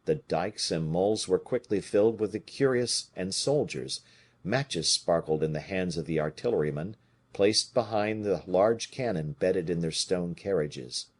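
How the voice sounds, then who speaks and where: Husky, deep-voiced male audiobook narrator. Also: unhurried. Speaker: audiobook reader. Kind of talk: audiobook narration of a classic novel.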